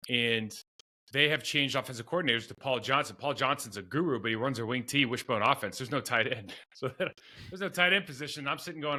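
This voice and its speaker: A man's voice: mid-range voice, brisk, bright, forceful tone. A middle-aged man, a former pro football player, telling long self-deprecating stories in a podcast interview, with many restarts and asides.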